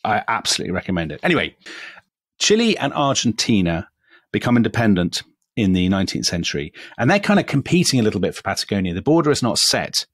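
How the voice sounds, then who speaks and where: A man with an English accent narrates history in a relaxed podcast chat. His voice sits low and sounds dry and close, with no room around it. He drifts into self-deprecating asides and loose phrasing. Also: fast talker, slightly rough, dry recording. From England. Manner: chatty, self-deprecating asides, frequent "kind of" and "sort of". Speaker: podcast co-host. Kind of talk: casual history podcast storytelling.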